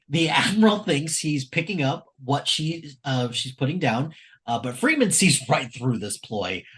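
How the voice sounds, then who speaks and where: A middle-aged man talking through an episode with his podcast co-host. He is relaxed and conversational, and his fillers keep his plot summary easygoing. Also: mid-range voice. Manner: chatty, recounts the plot with frequent fillers. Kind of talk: casual episode recap.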